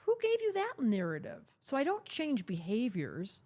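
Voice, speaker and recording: Lively, emphatic older woman astrologer. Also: on the high side, moderate pace. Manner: emphatic, teasing, acts out quoted voices. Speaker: astrologer, guest. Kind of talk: podcast interview conversation.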